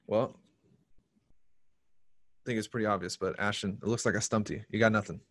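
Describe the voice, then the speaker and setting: Energetic man presenting a marketing seminar. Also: on the low side, fairly quick. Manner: energetic, repeats key points for emphasis. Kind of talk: live-streamed business seminar talk.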